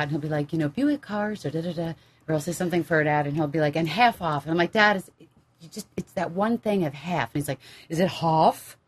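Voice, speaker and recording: Chatty low-voiced Maryland woman. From Maryland, USA. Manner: chatty and animated, breaks into playful voices. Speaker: voiceover coach and guest. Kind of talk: casual chat. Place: home recording booth with others and dogs present.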